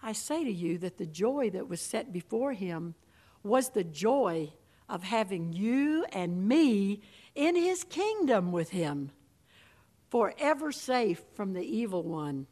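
A woman preaching a sermon to a congregation in a room, dramatic and swinging from hushed tones to ringing proclamation. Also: mid-range voice, big pitch swings, slow pace.

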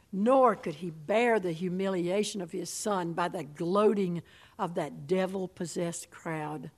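A woman preaching a sermon to a congregation in a room, dramatic and swinging from hushed tones to ringing proclamation. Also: lowish voice, vocal fry, husky.

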